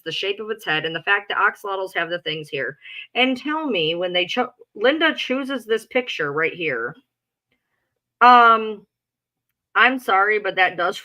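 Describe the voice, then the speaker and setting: A woman's voice: on the low side, animated, moderate pace, sharp tone, poor audio. A woman co-hosting a live stream, bluntly and profanely complaining about an online rival. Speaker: livestream co-host. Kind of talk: casual storytelling on a live stream.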